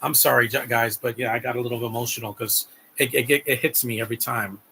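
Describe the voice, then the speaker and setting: A man's voice: mid-range voice, fairly even intonation, fast talker, gravelly, pushed and bright, a little hiss or hum. A man giving rambling, heartfelt live commentary on a movie, repeating words as he talks. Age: adult.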